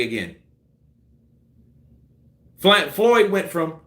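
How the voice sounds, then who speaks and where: A man's voice: medium pitch, a little slow, reverberant. A man giving casual, profane boxing commentary on a live stream, acting out punch combinations. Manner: animated, profane, acts out punch sequences.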